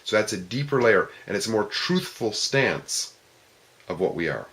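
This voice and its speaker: Deep-voiced man musing aloud. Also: expressive, moderate pace, a bit bright. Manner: reflective, explaining step by step with questions. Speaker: presenter at a discussion group. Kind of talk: informal philosophical talk.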